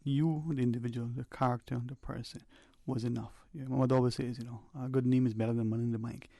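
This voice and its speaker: A man hosting a call-in radio talk show from the Cayman Islands, speaking in a measured, reflective way and choosing his words carefully. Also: mid-range voice, flat delivery, vocal fry, mellow, no echo, studio quality. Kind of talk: casual radio chat.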